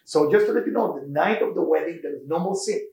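Man, rabbi teaching a class, animated storyteller, slightly high voice, echoey room. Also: quick pace. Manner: animated storytelling, non-native English with Hebrew terms. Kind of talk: informal Torah class.

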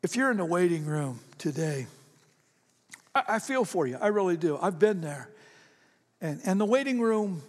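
A man's voice: high voice, expressive, normal speed, pauses often. A man preaching a sermon as pastor, in a conversational style that often repeats words. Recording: long reverb of a large hall.

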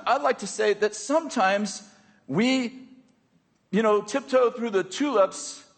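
A man with a high, husky voice preaches a sermon to his congregation. He talks in a conversational way, checking in with the room and slipping in jokes between points. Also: fairly bright tone, big-room sound. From United States. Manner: conversational, joking asides with the congregation. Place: church hall with a congregation.

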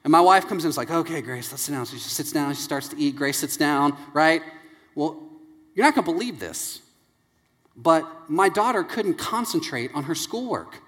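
A man in his thirties delivers a sermon as an animated storyteller, slipping into family members' voices. His voice sits slightly high. The sound carries a long hall reverb. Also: normal speed. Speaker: pastor. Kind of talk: sermon with anecdotes.

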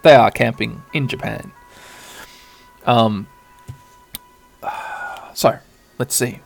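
A man's voice: mid-range voice, very slow, gravelly, dry recording, faint music behind. Man casually narrating a game. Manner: relaxed, rambling, with filler ums. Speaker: podcast host.

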